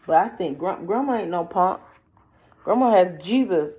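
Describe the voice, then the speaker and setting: A woman's voice: mid-range voice, expressive, normal speed, a little mellow. A woman reading a picture book aloud and chatting playfully to the listener about the pictures. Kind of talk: read-aloud with chatty commentary.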